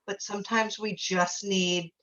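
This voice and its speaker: A woman host with a bright, forceful voice, heaping praise on her guest and tripping over restarts as she goes. The audio is dull and lo-fi. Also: mid-range voice, little pitch movement, unhurried. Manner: gushing and effusive, with many restarts. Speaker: talk show host. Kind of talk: interview on a video show.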